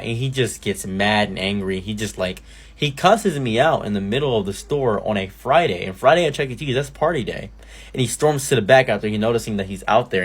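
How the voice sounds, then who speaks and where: A young man telling a personal story as a storytime commentary, animated and mock-grandiose, jumping up into high exclamations. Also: husky.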